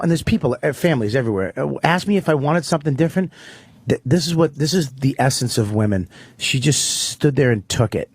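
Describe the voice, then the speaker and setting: A comedian rants through a story on a radio show, swearing constantly. His voice sits a bit high. The studio sound is dry, with no room echo. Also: lively intonation, fast talker, husky. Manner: profane, ranting storyteller. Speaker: comedian guest. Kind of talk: casual radio talk.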